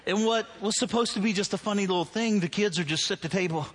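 A man in his forties preaching a sermon in a church, telling stories and acting out his own anger in loud bursts. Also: sits high, fast, slight background noise. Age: 40s. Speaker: pastor.

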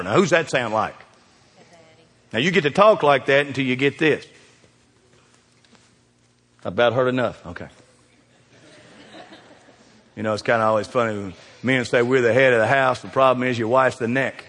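A middle-aged man preaching a folksy sermon, swinging from loud emphasis down to hushed, quiet lines. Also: medium pitch, expressive, normal speed, long pauses. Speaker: pastor. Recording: reverberant hall.

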